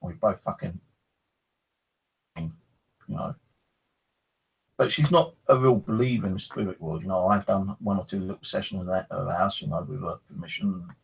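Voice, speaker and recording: Gravelly deep-voiced man telling a tale. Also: normal speed, pauses often, rough recording. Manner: rambling, animated, swears freely. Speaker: paranormal storyteller. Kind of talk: casual first-person storytelling.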